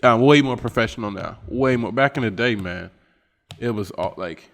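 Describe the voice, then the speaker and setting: A man's voice: medium pitch, moderate pace, a bit bright. Laughing Appalachian man in a reverberant room. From West Virginia. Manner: laughing, rambling, filler-heavy. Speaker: podcast co-host. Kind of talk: casual chat.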